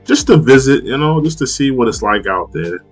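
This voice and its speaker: A man's voice: medium pitch, very animated, moderate pace, soft background music. A man from Long Island, hosting a live stream and chatting casually, rambling and repeating himself with frequent laughs. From Long Island, New York. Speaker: live stream host reading chat. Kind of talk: casual chat.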